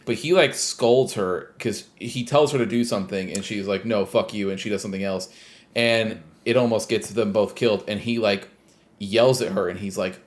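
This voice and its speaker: A man's voice: fairly low pitch, moderate pace. A man co-hosting a podcast, animatedly retelling game scenes and quoting the characters. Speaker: podcast co-host. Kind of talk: casual chat, recapping a game.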